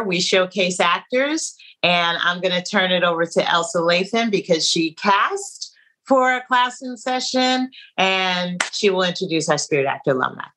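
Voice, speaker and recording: A woman's voice: fairly low pitch, a bit bright, low-quality recording. A woman hosting a podcast about actors, chatting casually and joking as she runs the segment. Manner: breezy, joking, directs the segment. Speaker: podcast host. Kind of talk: casual chat.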